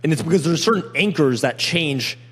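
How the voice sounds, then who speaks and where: A young man in casual chat about sales closing, talking quickly and acting out sales call lines. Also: fairly high pitch, slightly rough, long reverb tail. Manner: fast, animated, acts out sales call lines. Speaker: sales closer.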